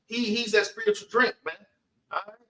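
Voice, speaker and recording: A man's voice: sits high, normal speed, pushed and bright. A man teaching a Bible class, giving emphatic spoken commentary on scripture and keeping the readings going. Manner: emphatic, calls everyone man, urges reading on. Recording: echoey room, far from the mic.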